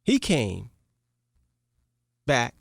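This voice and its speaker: A radio talk show host retelling a parable to listeners, animated and repetitive, checking in with the audience. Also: medium pitch, drawn-out words, vocal fry, dry recording, studio quality.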